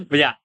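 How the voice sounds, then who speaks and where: Excitable, laughing streamer who swears a lot. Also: no echo. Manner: stammers and restarts when flustered. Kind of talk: casual live-stream reaction.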